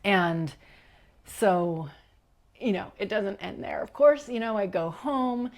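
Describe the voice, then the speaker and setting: A middle-aged woman, a podcast guest, telling a personal story in an animated way, acting out quotes and dropping into whispers. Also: medium pitch, takes it slowly.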